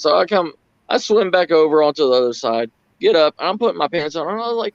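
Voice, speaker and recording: A man telling a story in a relaxed group chat, his voice leaping high whenever he acts out what someone said. He swears freely as he talks. The sound is dry and a little dull, with the lo-fi quality of a cheap mic. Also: fairly quick, dry recording. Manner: animated, acts out quoted lines with big pitch jumps, swears.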